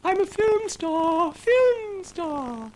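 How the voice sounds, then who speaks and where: A giddy, starstruck cartoon cow, put on by a British man in a very high, shrill falsetto. She gushes and swoops all over the place. Old tape hiss lies beneath. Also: sing-song, very slow, exaggerated voice, poor audio. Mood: gushing. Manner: shrill and gushing.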